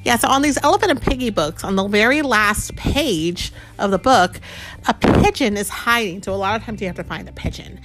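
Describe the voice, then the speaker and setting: A woman reading a picture book aloud to a child, animated and asking the child many questions. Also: mid-range voice, a little fast. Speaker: reader to a child.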